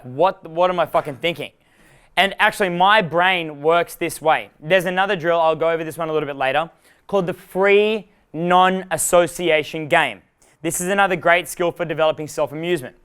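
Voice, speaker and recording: A man giving a live dating seminar, animated and profane, laughing at his own jokes. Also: fairly high pitch, fairly quick, clear, resonant tone. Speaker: dating coach.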